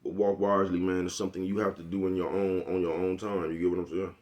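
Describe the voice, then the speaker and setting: A man's voice: low voice, fairly even intonation, brisk, few pauses, a little mellow. A man, talking casually and profanely to his camera, rambling and asking "you know what I'm talking about?" over and over. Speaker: vlogger.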